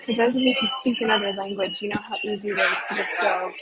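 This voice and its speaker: A woman tour guide and travel vlogger talks fast in a medium-pitched voice against heavy background noise. She's leading viewers on a casual live walking tour outdoors in a small hillside village, enthusiastic and chatty, with frequent questions for her audience.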